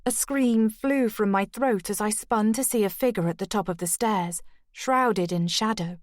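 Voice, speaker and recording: A woman narrating an audiobook in a measured, steady first-person reading. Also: mid-range voice, no room sound, clean studio sound.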